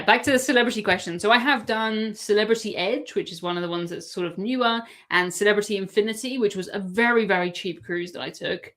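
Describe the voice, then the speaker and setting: Brief: English woman, chatty live-stream host, mid-pitched, laughs easily. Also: fairly bright tone. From England. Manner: chatty, answers viewer questions, laughs often.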